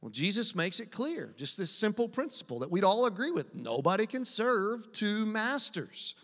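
A man preaches to a congregation in an easy, conversational way, pressing his points and asking the room to answer back. His voice sits high and sounds bright and forceful. A long hall reverb trails behind him. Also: sing-song, moderate pace. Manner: asks the congregation to respond, conversational and emphatic. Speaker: pastor. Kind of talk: sermon.

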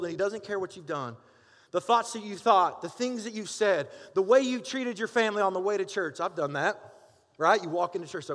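A middle-aged man preaching a sermon, lively and conversational, calling out for amens from the congregation. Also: high-pitched, moderate pace. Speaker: pastor. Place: church sanctuary. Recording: long hall reverb.

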